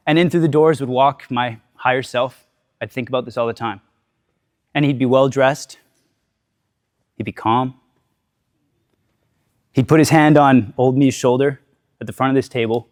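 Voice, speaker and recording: A man's voice: medium pitch, normal speed, long pauses, dry recording, studio quality. A man giving a candid motivational talk to a live audience, telling his story, swearing freely, asking questions and tagging lines with "right?".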